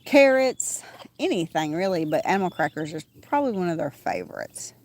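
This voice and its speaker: Chatty woman, lowish voice. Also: big pitch swings, brisk, a little mellow. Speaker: small farm owner. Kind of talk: casual livestream chat. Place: outdoors on a small farm among animals. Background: roosters crowing and farm animals.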